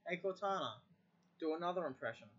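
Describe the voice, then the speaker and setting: Someone testing a voice assistant chats casually with the device, repeating commands and muttering curses. Their mid-range voice is animated, fast, a bit bright, and slightly rough. The lo-fi recording sounds dull, with the speaker away from the mic.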